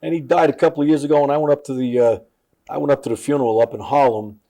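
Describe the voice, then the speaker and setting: A man's voice: mid-range voice, steady tone, rapid-fire, mellow. An older man, a former college basketball player, reflecting easygoingly as an interview guest and tagging phrases with "man". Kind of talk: reflective conversation.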